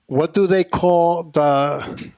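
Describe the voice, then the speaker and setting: A man with a fairly high voice trading quick, wry asides in a casual chat. He speaks close to a dry mic. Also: fairly even intonation, a little mellow, smooth, dry recording. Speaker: podcast co-host.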